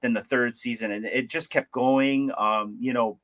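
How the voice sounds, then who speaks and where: A man hosts a relaxed livestream conversation in a bright, forceful voice. He talks in an eager, rambling way, full of fillers and restarts. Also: mid-range voice, moderate pace. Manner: rambling, enthusiastic, many fillers. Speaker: livestream host. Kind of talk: casual chat.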